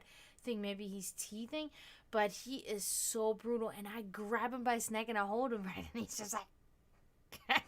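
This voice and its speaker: Woman, high voice, casual livestream host, chatty and giggly. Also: sharp tone. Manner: chatty, laughs often, thanks viewers.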